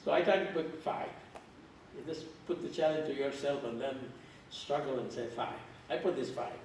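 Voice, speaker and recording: A man's voice: medium pitch, moderate pace, a little mellow, recorded from a distance, slight background noise. Older man lecturing in an echoey hall. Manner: emphatic lecturing with repeated phrases. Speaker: keynote speaker. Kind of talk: conference keynote address.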